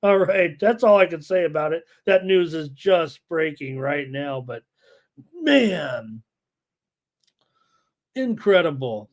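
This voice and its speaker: A man hosting a live sports betting show, excitable and full of "uh" fillers, reading viewer chat aloud. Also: on the high side, takes it slowly, pauses often, lo-fi sound.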